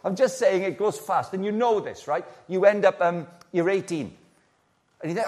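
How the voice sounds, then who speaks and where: A man, preaching a sermon in a lively, conversational way, full of rhetorical questions and playful asides. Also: sits high, brisk. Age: 60s.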